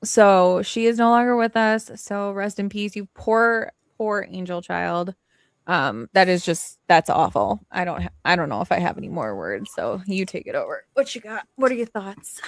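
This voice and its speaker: A chatty woman co-hosting a livestream, her voice gravelly with a touch of fry. She leans on fillers as she talks and reads out the chat. The sound is dry, with almost no room. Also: mid-range voice, lively intonation, normal speed, no echo. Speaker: livestream co-host.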